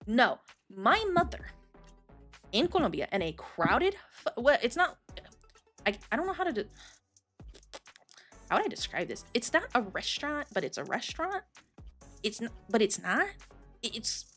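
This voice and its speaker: A woman in her thirties chatting casually on a livestream, telling stories with lots of swearing and quick restarts. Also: on the high side, sing-song, a bit bright, faint music behind. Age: 30s. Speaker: streamer.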